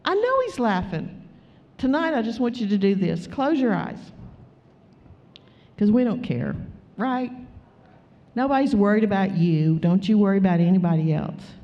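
Animated woman preaching in an echoey hall. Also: mid-range voice, moderate pace, pauses often. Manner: animated, humorous, calls out to the crowd. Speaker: pastor. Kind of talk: sermon. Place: church hall. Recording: echoey hall, dull sound. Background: soft guitar music.

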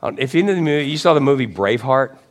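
A man preaching a sermon in an easygoing, conversational way. He rambles into asides and corrects himself mid-sentence, and his voice sits at a middling pitch. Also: expressive, racing. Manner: conversational preaching, acts out quotes with rising pitch and shouts. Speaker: pastor.

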